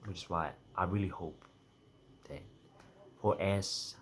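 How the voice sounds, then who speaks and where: A young man with a deep, low-pitched voice talks straight to the camera in a loose, rambling monologue. He keeps restarting and correcting himself, half-joking as he goes. A faint hum of ambience sits behind him. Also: slow. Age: young adult. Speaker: vlogger.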